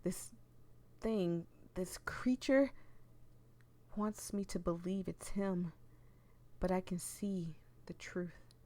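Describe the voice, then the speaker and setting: A woman voicing an elderly, grieving mother in a horror game, reading in a hushed, intense way that drops into whispers. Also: on the low side, takes it slowly, long pauses. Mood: paranoid, bitter. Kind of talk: dramatic reading of game text.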